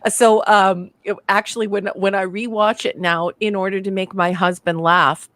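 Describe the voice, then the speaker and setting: A woman's voice: medium pitch, little pitch movement, moderate pace, a bit bright, no echo. A woman co-hosting a casual live stream, mostly chiming in with short agreements and laughs. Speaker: co-host.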